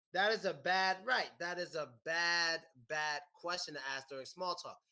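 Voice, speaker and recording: An American man teaching a class, animated and repeating his questions to the students. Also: high-pitched. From United States. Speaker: English teacher. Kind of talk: classroom lesson.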